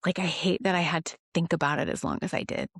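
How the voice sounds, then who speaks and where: A woman giving a rambling, earnest faith testimony, self-deprecating and quick to laugh at herself. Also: fairly low pitch, very animated, vocal fry, slightly rough, dry recording, studio quality. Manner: halting restarts when emotional. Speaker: Christian devotional vlogger.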